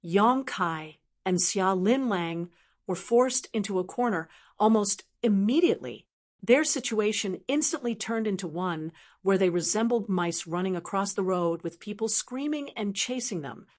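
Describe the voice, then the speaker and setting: A woman's voice: mid-range voice, animated, measured pace. Woman narrating a fantasy audiobook.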